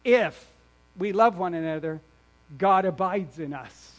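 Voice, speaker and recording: A man with a high voice preaches a sermon, building to emphatic, nearly shouted lines and then dropping to quiet asides. He often repeats and restarts his words as he goes. A low mains hum sits under the recording. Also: unhurried. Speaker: pastor.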